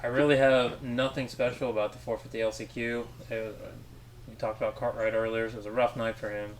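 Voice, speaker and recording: A man co-hosting a podcast in casual chat, rambling with restarts and trailing off softly. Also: medium pitch, flat delivery, a little fast, a little hiss or hum. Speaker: podcast co-host.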